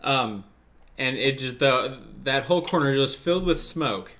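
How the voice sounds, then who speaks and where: A man narrating as dungeon master of a tabletop game, with many pauses and restarts. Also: mid-range voice, expressive, a bit bright, soft background music.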